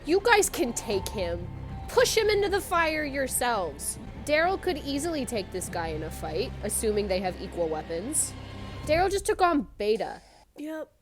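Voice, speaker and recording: A woman's voice: a little high, big pitch swings, moderate pace, over music. A young woman giving casual reaction commentary, chatty and thinking aloud, asking herself one rhetorical question after another. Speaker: reaction video creator.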